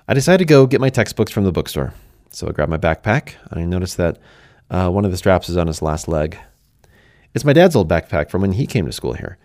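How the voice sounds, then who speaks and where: A man's voice: lowish voice, darkish tone, no room sound, clean studio sound. A man narrating a first-person fantasy story in a conversational way, speaking to the listener directly.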